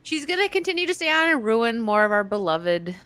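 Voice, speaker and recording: Host, woman, bright crisp voice, dry close sound, chatty. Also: a little high, big pitch swings, fairly quick, dry recording. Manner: chatty, giggly, reads article aloud. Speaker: livestream host. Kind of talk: casual chat reading news aloud.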